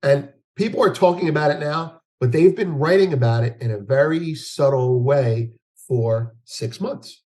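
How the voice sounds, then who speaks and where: A man's voice: medium pitch, normal speed, few pauses, mellow. A man speaking as a guest market analyst in an interview, talking in a rambling way with frequent restarts and fillers. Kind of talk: conversational interview.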